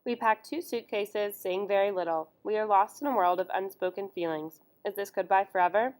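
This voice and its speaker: A woman reading a first-person story aloud in a measured, emotional way. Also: mid-range voice, a little mellow. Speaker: audiobook narrator. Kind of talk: first-person audiobook narration.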